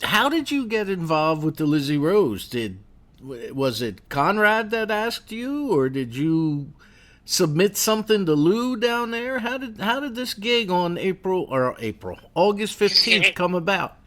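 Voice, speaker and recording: A man's voice: high-pitched, sing-song, measured pace, fairly bright tone. A man hosting a radio interview, asking rambling, conversational questions. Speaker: radio host.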